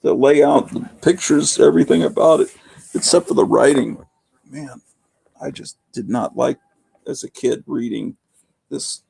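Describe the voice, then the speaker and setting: A man's voice: mid-range voice, vocal fry, dark tone, husky, no room sound. A man hosting a live-stream chat, rambling and reading viewer comments aloud. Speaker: host.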